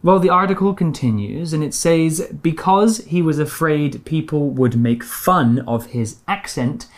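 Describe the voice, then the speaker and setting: A woman with a British accent teaching English words, explaining each one slowly and clearly with example sentences. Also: deep voice. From Britain. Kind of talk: bilingual radio English lesson.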